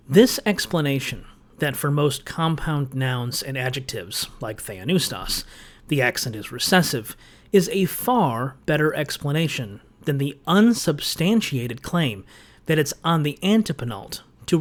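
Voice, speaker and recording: A man delivering a scripted rebuttal commentary, sarcastic and lecturing, with a pointed, explanatory manner. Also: mid-range voice. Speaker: video essayist.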